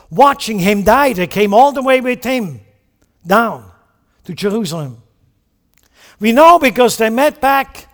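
A man's voice: extremely high pitch, long reverb tail. A man preaching a sermon, teaching with emphasis and putting questions to the congregation.

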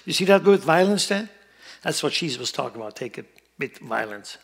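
Emphatic male preacher, slightly high voice. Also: animated, brisk, vocal fry, breathy edge. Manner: emphatic preaching, swinging from loud to quiet. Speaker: pastor. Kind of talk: sermon.

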